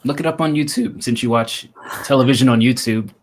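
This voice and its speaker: A man's voice: mid-range voice, brisk. A man co-hosting a podcast, teasing the others with crude jokes. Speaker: podcast co-host. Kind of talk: casual chat.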